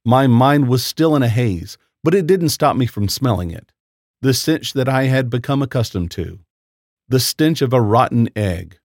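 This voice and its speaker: A man narrating a first-person horror story in a lively, expressive storytelling voice. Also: medium pitch, normal speed, no echo, clean studio sound. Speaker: story reader.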